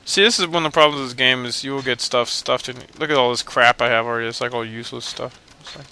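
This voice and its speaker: A man's voice: mid-range voice, fast, sharp tone, clean tone. A young man hosting a let's play, giving casual, rambling gameplay commentary in a joking, self-mocking way.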